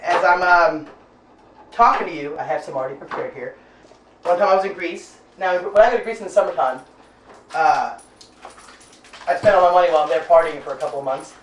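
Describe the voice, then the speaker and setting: A woman hosting her own cooking show, chatting loosely with many filler pauses as she tells a story while she cooks in her kitchen. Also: fairly low pitch, distant mic. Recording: roomy sound, voice off-mic, faint noise.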